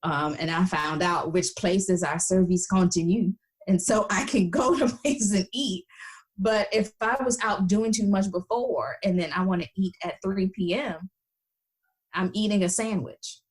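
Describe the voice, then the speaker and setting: At a measured pace and in a mid-range voice, the American woman chats as a guest in a casual interview. Her storytelling is full of fillers and playful impressions of what others said.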